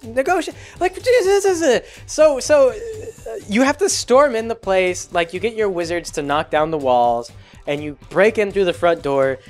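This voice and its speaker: A man hosting his own show, recapping a video game in a rambling, exasperated way with lots of filler words. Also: a little high. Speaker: blog host. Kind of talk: casual gaming recap monologue.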